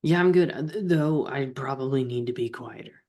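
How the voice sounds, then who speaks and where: A man's voice: mid-range voice, moderate pace, darkish tone. A man co-hosting a casual comedy podcast, playful and jokey with theatrical flair. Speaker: co-host.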